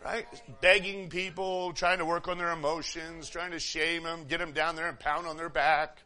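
Bright, high-voiced male preacher. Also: moderate pace. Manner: animated, laughing often, repeating words as he goes. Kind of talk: sermon.

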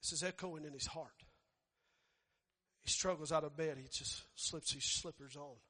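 A male preacher tells a story as a sermon, building to fervent shouts. His voice is high, bright and forceful. The sound rings with long reverb in a big hall. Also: normal speed, breathy edge.

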